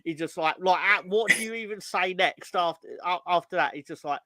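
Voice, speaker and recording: A man's voice: sits high, fairly quick, hardly any pauses, sharp tone. A man co-hosting a football chat, amused and wry, with casual swearing. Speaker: co-host.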